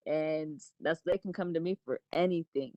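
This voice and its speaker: A woman in her forties telling animated stories in a casual group discussion, laughing often. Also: low-pitched, normal speed, dry recording, muffled recording. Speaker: open mic participant.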